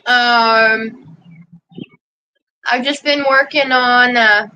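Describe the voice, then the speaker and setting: A woman's voice: on the high side, fairly even intonation, very slow, bright, forceful tone, clean tone, highs cut off. A woman hosting a casual livestream, rambling chattily and breaking off to scold or coo at her dog outdoors. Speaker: livestream host. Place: outdoors in a yard.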